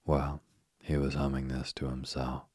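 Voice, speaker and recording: A man reading a children's storybook aloud as narrator, calm and unhurried. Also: very deep voice, husky, no echo, studio quality.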